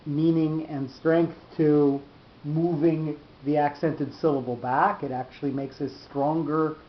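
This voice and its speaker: A man teaching a study session who explains slowly, with fillers and restarts. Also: fairly even intonation. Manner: halting, many restarts and fillers, slows to spell out terms. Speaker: Torah teacher. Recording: dull echoey room with faint rumble.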